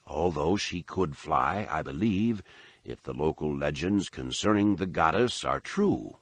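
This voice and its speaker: A man voicing a calm, wry old hermit, speaking softly and slowly, with a deep, lively voice. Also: no room sound, exaggerated voice. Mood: calm, amused. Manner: slow, soft and measured.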